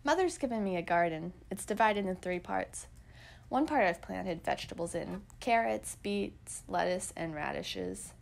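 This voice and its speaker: A teenage girl narrating old diary entries and poems in an earnest, expressive way. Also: mid-range voice, creaky. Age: teens.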